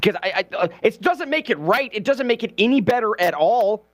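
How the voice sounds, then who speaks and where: A man's voice: high voice, no echo. A man hosting a morning talk radio show, giving opinionated commentary and taking calls. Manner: fast, animated, conversational and opinionated.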